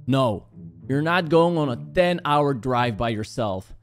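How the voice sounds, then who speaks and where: A man doing joking, animated play-by-play commentary while playing a horror game. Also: mid-range voice, measured pace, faint music behind. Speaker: gaming YouTuber.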